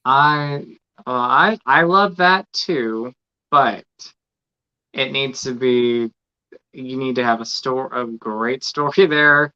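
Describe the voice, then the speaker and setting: Bright-voiced man on a dull lo-fi mic. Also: medium pitch, smooth. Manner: earnest, hesitant, restarts often. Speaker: podcast co-host. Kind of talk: casual livestream chat.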